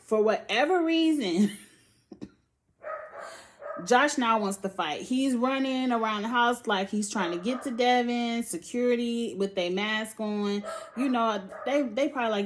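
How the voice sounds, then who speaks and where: Speaking a little slowly in a medium pitch, this woman reviews reality TV, giving a blunt, laid-back rundown of an episode while swearing and laughing a lot with plenty of attitude. The phone or tablet recording carries a slight hiss or hum.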